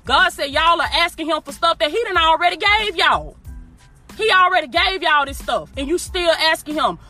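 A woman with a high, bright voice preaches in a loose, emphatic style, hammering her points through repetition. She talks directly to her listeners as if they were in the room, with faint music playing behind her. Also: lively intonation, normal speed. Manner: emphatic, repeats phrases, addresses listeners directly with y'all and baby. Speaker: motivational preacher. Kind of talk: informal preaching.

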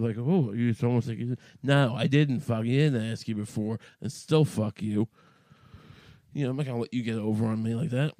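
A man's voice: medium pitch, warm tone, no room sound. A man hosting a podcast, talking in a rambling, profane monologue full of restarts and asides. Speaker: podcast host.

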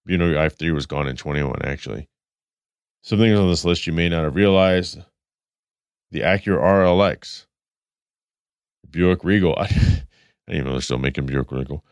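Low-voiced congested male podcast host. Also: moderate pace, pauses often, smooth, no echo, studio quality. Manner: rambling, self-correcting, reading stats then riffing. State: stuffed up, congested. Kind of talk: casual car news chat.

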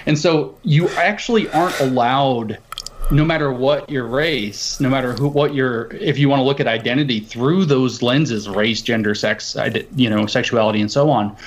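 A man's voice: mid-range voice, moderate pace, slight background noise. Argumentative man piling up points. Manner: argues in long piled-up lists. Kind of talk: heated conversation.

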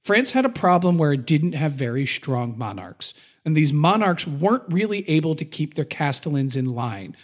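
A man co-hosting a casual podcast, explaining medieval history in plain terms and now and then acting out quick quoted voices. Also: on the high side, sing-song. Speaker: podcast co-host.

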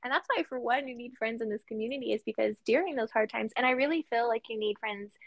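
A woman, a military spouse, chatting casually on a podcast in a lively way, laughing often and acting out what people say. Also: on the high side, fast, no room sound. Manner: lively, acts out quoted voices, laughs often.

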